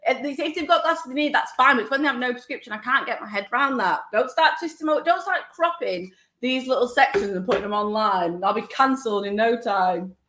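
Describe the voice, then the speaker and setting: A woman from Manchester with a Mancunian accent, co-hosting a podcast in blunt, animated casual chat. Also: a little high, brisk, few pauses, echoey room, a little hiss or hum. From Manchester, England. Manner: chatty, blunt and animated, lots of "like". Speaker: podcast co-host.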